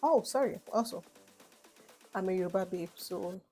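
A woman's voice: medium pitch, normal speed, soft background music. A young woman from Nigeria with a Nigerian accent, chatting casually in a rambling get-to-know-me vlog. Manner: chatty, rambling, animated asides. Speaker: vlogger.

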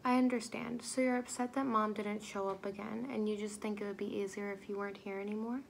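A young woman narrating and playing a caring group home worker, calm and patient, in a student role-play scene. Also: medium pitch, a little fast, gravelly, slight background noise. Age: young adult. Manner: calm, gentle, patient questioning.

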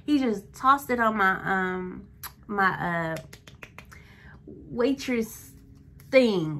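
Woman vlogger, unhurried delivery, tense bright tone, chatty rambling storyteller. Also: medium pitch, lively intonation, slight background noise. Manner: rambling, chatty, with many likes and self-corrections. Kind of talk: casual storytime.

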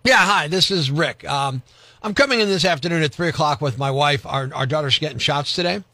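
A man's voice: on the high side, brisk, bright, forceful tone, dry recording. A male radio host making a prank call, arguing in a pushy, overprotective way. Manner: playing a pushy overprotective dad on the phone.

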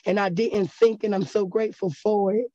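A woman tells her testimony to a church group in an earnest, conversational way. Her tone is mellow and dark. The recording sounds dull and slightly lo-fi, with dry room sound. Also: mid-range voice, fairly even intonation, normal speed, dry recording. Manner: earnest, conversational, checks in with "right?". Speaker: class member giving testimony. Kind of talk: personal testimony.

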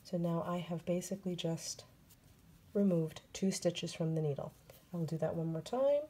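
A woman's voice: fairly low pitch, moderate pace, mellow, husky. A woman in her thirties hosting a casual knitting tutorial, chatty and apologetic, laughing often as she explains.

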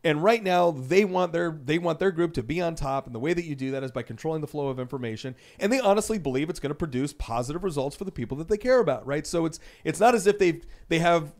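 A man's voice: a little high, lively intonation, quick pace, hardly any pauses, darkish tone. A male guest on a political talk show, making earnest arguments in casual panel discussion.

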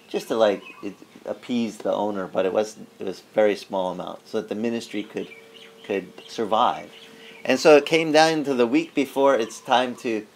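A male pastor telling a story in a sermon, animated and conversational, acting out the people he quotes. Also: on the low side, slight background noise. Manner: conversational with frequent restarts.

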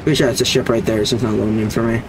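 A man's voice: medium pitch, fairly even intonation, rapid-fire, noisy background. A young man casually commentating his gameplay, hyped and constantly saying "bro.". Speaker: gaming streamer.

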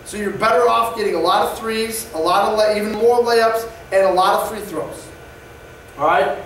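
A man's voice: high-pitched, normal speed, fairly bright tone, slight background noise. A male basketball coach explaining offense plays in an instructional presentation, often checking in with "all right?". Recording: echoey distant room mic.

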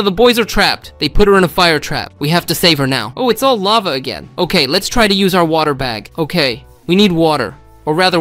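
A man giving excitable gameplay commentary, often shouting exclamations to his viewers. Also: high voice. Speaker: gameplay video host.

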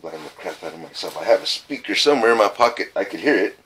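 Middle-aged man, low-pitched, bright tone, folksy halting ghost-hunting vlog talk, indoors in an old trailer. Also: lively intonation, a little hiss or hum. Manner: halting, folksy, repeats words. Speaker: paranormal vlogger.

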